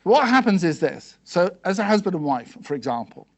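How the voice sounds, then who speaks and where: A man's voice: high-pitched, big pitch swings. Chatty man lecturing a live crowd. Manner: quizzes the audience with quick questions; conversational, peppered with "okay" and "yes?". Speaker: seminar speaker. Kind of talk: motivational seminar talk. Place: hall with a live audience.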